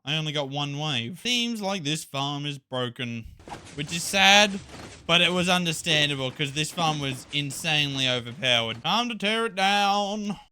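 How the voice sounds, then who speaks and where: A man's voice: a little high, moderate pace, pushed and bright, a little hiss or hum. A man giving casual gameplay commentary for his video channel, chatty and exasperated, often laughing at himself. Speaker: gaming video creator.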